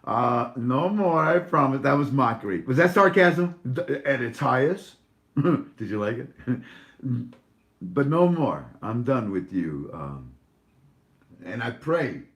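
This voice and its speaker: A man talks in a loose, rambling monologue, full of "uh"s and half-finished thoughts. His pitch sits in an ordinary middle range. He turns sarcastic and teasing, and the room around him is roomy and echoey. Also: animated, takes it slowly, pauses often, a bit bright. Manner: rambling, sarcastic, with many fillers. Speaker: online show host. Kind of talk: casual monologue.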